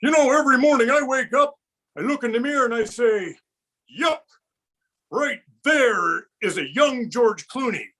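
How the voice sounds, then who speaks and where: A man voicing a grumpy old grandpa who is sick of being mistaken for Santa, ranting and singing in a high, bright put-on voice. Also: lively intonation, normal speed, full character voice, low-quality recording. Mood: cranky. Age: older. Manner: cranky, ranting, sings and shouts. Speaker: puppeteer. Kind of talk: comic puppet song.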